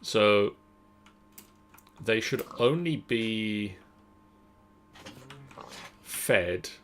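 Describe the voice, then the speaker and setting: A young man streaming a game, chatting casually with his co-player and with his viewers in an unhurried way. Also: lowish voice, fairly bright tone, a little hiss or hum. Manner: unhurried, talks to chat. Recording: faint keyboard clicks behind.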